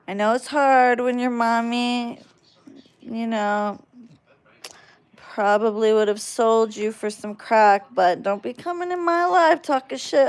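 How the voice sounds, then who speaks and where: A woman's voice: on the high side, smooth. A woman livestreaming casually, reading chat aloud and trash-talking viewers in a brash, drawling way.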